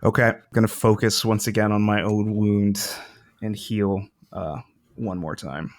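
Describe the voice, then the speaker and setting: A man's voice: lowish voice, level tone, unhurried. A man playing a tabletop game in casual chat, joking and laughing easily. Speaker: player.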